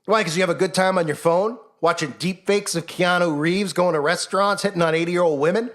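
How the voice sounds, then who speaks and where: A man's voice: sits high, a little fast, few pauses, fairly bright tone. A man giving impassioned, sarcastic commentary and mimicking the people he mocks. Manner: fervent, sarcastic, mimics mocking voices. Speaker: online commentator.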